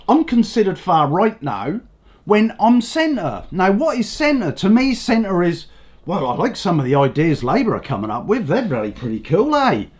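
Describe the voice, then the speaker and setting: An older Englishman with a hoarse voice rants about politics in a blunt, sweary vlog. His pitch swings widely as he talks, rising and dropping from one phrase to the next. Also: darkish tone. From England. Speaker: vlogger. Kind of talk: ranting political commentary.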